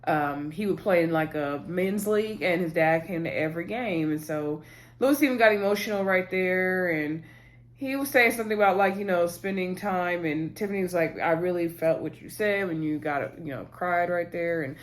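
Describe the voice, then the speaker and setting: Woman, casual reality-show recap, chatty, slightly low voice, quotes the cast, says y'all. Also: normal speed. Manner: chatty, addresses viewers as "y'all"; retells scenes by quoting cast members.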